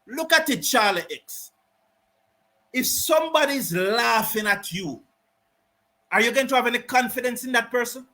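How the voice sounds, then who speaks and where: A man's voice: extremely high pitch, expressive, moderate pace, long pauses. A man commentating on a cricket match, ranting indignantly and repeating himself with emphatic outbursts. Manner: indignant, repetitive, emphatic, sometimes shouting. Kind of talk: live fan commentary and rant.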